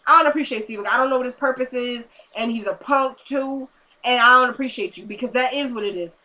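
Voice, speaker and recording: Give me a chatty, excitable woman reviewing a TV episode, with a bright, slightly high voice. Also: quick pace. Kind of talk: casual recap commentary.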